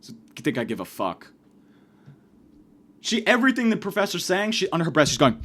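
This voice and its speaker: Ranting young man, high lively voice. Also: quick pace, long pauses. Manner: profane, exasperated, ranting. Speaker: podcast host. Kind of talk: comedic rant.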